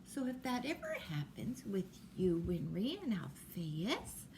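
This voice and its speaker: A woman's voice: mid-range voice, huge pitch swings, a little hiss or hum. Older woman reading a bedtime storybook. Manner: slow, gentle, explaining to small children. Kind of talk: bedtime picture-book reading.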